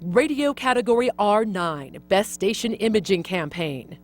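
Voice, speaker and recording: A woman's voice: medium pitch, moderate pace. A woman presenting awards, formally reading out categories and winners. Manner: even, formal announcing.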